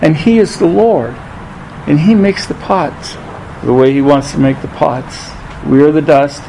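A man preaching a sermon, reading scripture aloud and rising in pitch on the quoted lines, thinking aloud with restarts. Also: a little slow, vocal fry, mellow, a little hiss or hum, rough recording. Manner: rises in pitch when quoting scripture.

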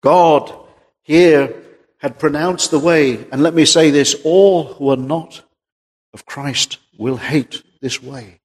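A man preaching a sermon in an unhurried, deliberate way, his voice carrying a long hall reverb. He swings between high, impassioned emphasis and low, quiet asides, with a slightly high voice for a man. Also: slightly rough.

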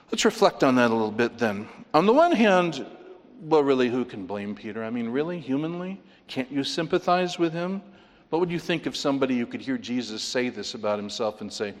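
A man preaching a sermon as a pastor, teaching with wry sarcastic asides and lively emphasis. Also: mid-range voice, moderate pace. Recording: long hall reverb.

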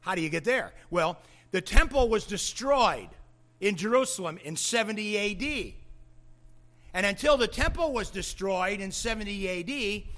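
A male pastor preaching an expository sermon, with deliberate, emphatic phrasing and dramatic drops and rises. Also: sits high, lively intonation, fairly bright tone.

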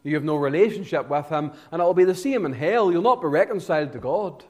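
Fervent preacher man, hushed then booming. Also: animated, fast. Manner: swings between hushed lows and loud, emphatic climaxes, drawing out key words. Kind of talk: evangelistic sermon.

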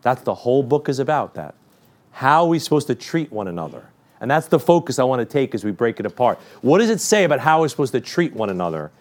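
A man's voice: medium pitch, sing-song, fast talker. A male preacher giving a midweek sermon, quoting scripture with emphasis and dropping joking asides.

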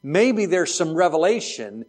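A man's voice: a little high, sing-song, unhurried, a little mellow. A man teaching a Bible lesson to a class, chatty and digressive, with joking asides.

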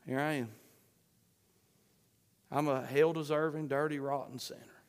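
A man preaching a sermon, fervent, swinging between shouts and hushed pleading. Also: on the high side, steady tone, measured pace, long pauses, clean tone. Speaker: pastor. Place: church sanctuary. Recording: long hall reverb.

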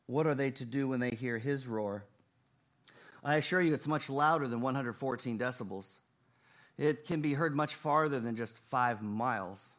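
Male pastor, slow deliberate sermon delivery, dramatic swings from loud to hushed. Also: mid-range voice.

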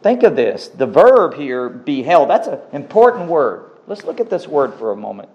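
A man preaching a sermon, slow and emphatic, repeating key words for weight. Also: a little high, big pitch swings, a little mellow, muffled recording. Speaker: pastor.

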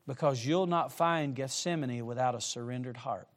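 A middle-aged man preaching to young people, with emphatic direct appeals and shifts between soft asides and loud, rising emphasis. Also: mid-range voice, moderate pace. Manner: emphatic, repeatedly urging listeners with direct appeals. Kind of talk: sermon to a youth congregation.

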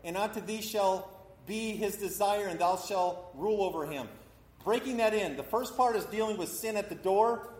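A man's voice: sits high, moderate pace. A middle-aged man preaching a sermon to a congregation, acting out the voices of people in his stories as he teaches. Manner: acts out voices in quotes, talks with a congregation. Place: church hall. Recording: echoey hall.

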